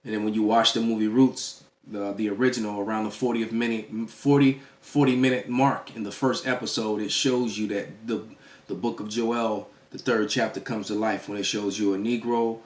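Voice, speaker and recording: A man giving an emphatic preaching-style lecture as a religious teacher, often stopping to ask "all right?" and restarting phrases as he goes. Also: fairly low pitch. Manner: restarts and stammers mid-phrase.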